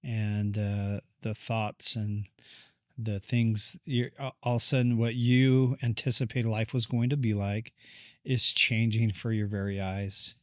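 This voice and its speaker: A man's voice: fairly low pitch, little pitch movement, unhurried, fairly bright tone, clear, resonant tone, dry recording, studio quality. A man, a therapist guest on a podcast, candidly recounting a hard personal experience and reflecting on what it meant. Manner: reflective, candid, relives moments in quoted speech. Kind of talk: personal storytelling interview.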